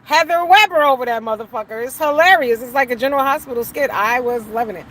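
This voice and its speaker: A woman's voice: on the high side, fast, a bit bright, slight background noise, rough recording. A middle-aged woman hosting a show, giving blunt, profane, emphatic commentary with preachy asides. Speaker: show host. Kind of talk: opinionated casual commentary.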